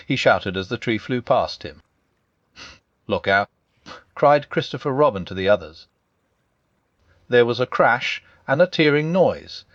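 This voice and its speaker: A man narrating a classic children's story as a gentle bedtime audiobook. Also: mid-range voice, dry recording, muffled recording.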